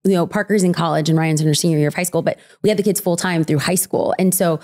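A woman in her thirties, a podcast guest telling a personal story in an animated conversational way, acting out quotes. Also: quick pace. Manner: animated, acts out quotes with big pitch jumps.

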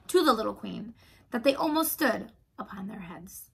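A woman teacher reading a children's book aloud in a calm, clear storytelling manner. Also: medium pitch, normal speed, rough recording.

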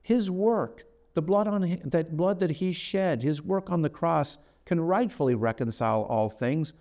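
Animated, emphatic male preacher. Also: a little high. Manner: emphatic, repeats key phrases, slows on scripture. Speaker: guest speaker. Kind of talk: sermon-style teaching. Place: television studio.

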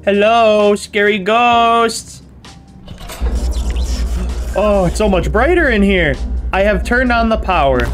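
A young man giving excitable, playful let's-play commentary, talking straight to his viewers as he plays. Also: sits high. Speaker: gaming YouTuber.

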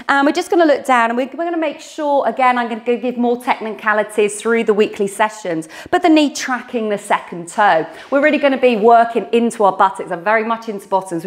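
A woman leading an at-home pilates class, counting reps and cueing moves while exercising, slightly out of breath, with a mic close to her mouth. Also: a little high. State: a little out of breath. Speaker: pilates instructor. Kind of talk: guided workout instruction. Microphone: microphone close to mouth.

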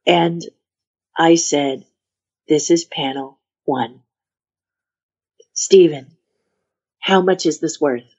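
A woman's voice: low-pitched, drawn-out words, long pauses, a little mellow, slightly rough. A woman telling a story as a podcast guest, dramatic and acting out the voices of the people in it. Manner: dramatic, acts out voices and whispers in her anecdotes. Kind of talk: animated storytelling in a podcast interview. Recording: dull lo-fi sound.

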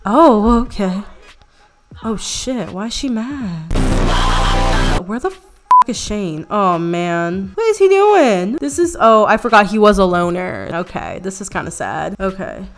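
A young woman YouTuber giving casual gameplay commentary, chatty and excitable, swearing often and mocking herself. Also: medium pitch, measured pace, over music.

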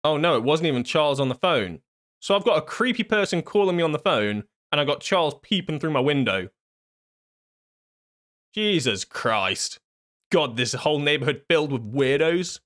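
A man with a slightly high voice narrates his way through a horror game. He riffs sarcastically on the characters, swearing and laughing as he goes. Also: animated, moderate pace, a bit bright. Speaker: gaming YouTuber. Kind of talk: horror game let's play commentary.

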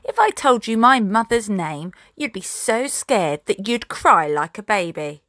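A woman's voice: mid-range voice, expressive, unhurried, a bit bright, dry recording, clean studio sound. A woman voicing a defiant, cheeky little girl held captive by pirates in a children's storybook reading.

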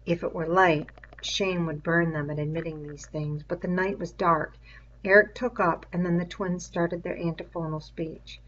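A woman reading a novel aloud in a steady, measured storytelling voice. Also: fairly low pitch, dull audio. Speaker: reader.

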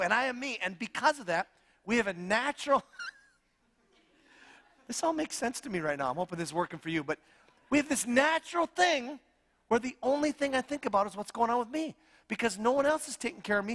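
Animated middle-aged pastor in reverberant hall. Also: male voice, extremely high pitch, a little fast. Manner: animated, humorous, self-deprecating storytelling. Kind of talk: sermon.

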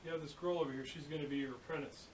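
A man's voice: on the high side, steady tone, racing, natural voice. A man playing a plain-spoken male job foreman in a told joke. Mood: businesslike. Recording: echoey room from a distance, hiss.

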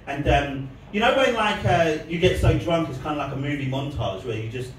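A man's voice: a little high, animated, fairly quick. A man doing a rambling, laugh-filled stand-up set and comedy vlog. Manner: rambling, laughing between lines. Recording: echoey, distant mic, noisy background.

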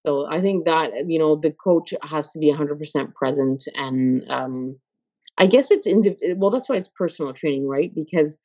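A woman's voice: low voice, normal speed, mellow, no room sound. A woman guest in a casual podcast interview who talks expressively, laughs often and acts out the voices she quotes. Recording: dull lo-fi sound.

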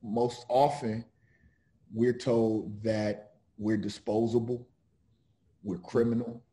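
A middle-aged man talks with a very dark, mellow tone and a slow, deliberate pace. He pauses and restarts often and sounds earnest as he reads a passage aloud. His voice sits low, as if heard over a video call. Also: flat delivery. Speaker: author and criminal defense lawyer. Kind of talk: reflective talk with read-aloud book passage.

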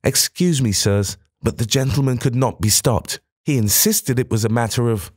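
A man's voice: mid-range voice, moderate pace, darkish tone, breathy edge, no room sound, studio quality, voice pushed up, close to an everyday voice. A man voicing a flustered, apologetic female housekeeper who talks in a raised, fussing way in an audiobook. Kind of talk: audiobook character voice.

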